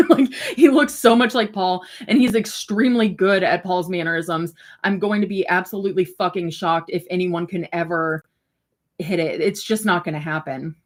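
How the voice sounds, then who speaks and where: This livestream host is a woman whose voice sits on the low side and moves at a moderate pace. She responds to comments from viewers in a loose, chatty way, rambling with plenty of fillers and the occasional swear word.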